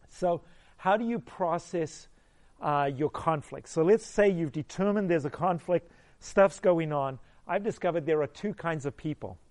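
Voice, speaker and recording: A man's voice: a little high, a little mellow. A middle-aged male pastor giving a conversational sermon, telling stories animatedly and asking the listeners questions.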